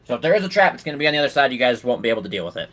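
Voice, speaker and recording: A man's voice: mid-range voice, big pitch swings, rapid-fire, a bit bright, slight background noise. A young man running a tabletop game as game master, narrating in a casual, rambling way with fillers.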